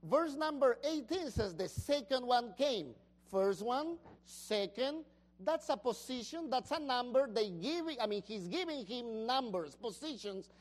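Brief: woman pastor, sermon, high lively voice, animated and questioning. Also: unhurried. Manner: animated, questions the congregation, shouts the master's praise.

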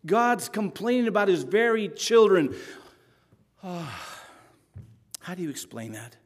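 High-voiced male preacher in echoing hall. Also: lively intonation, a little slow, pauses often. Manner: dramatic, swings between hushed and loud; argues with imagined listeners. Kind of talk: sermon. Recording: long hall reverb.

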